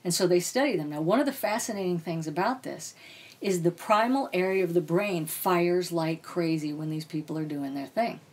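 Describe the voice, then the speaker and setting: A woman's voice: on the low side, normal speed, a little mellow, breathy edge. A woman author, a podcast guest, telling a personal story in a blunt, casual way and swearing freely. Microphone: podcast mic.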